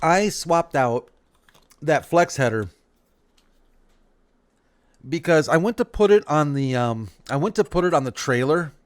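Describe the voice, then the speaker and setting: A man's voice: fairly high pitch, animated, measured pace, long pauses, no room sound. A man chatting casually over his farming game, rambling and correcting himself as he goes. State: slight hiccups. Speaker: gaming channel host. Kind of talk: casual let's-play commentary.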